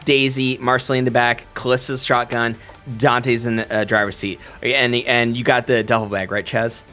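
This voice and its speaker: A man's voice: mid-range voice, flat delivery, normal speed, sharp tone, faint music behind. A man narrating a tabletop game as game master, rambling with many fillers.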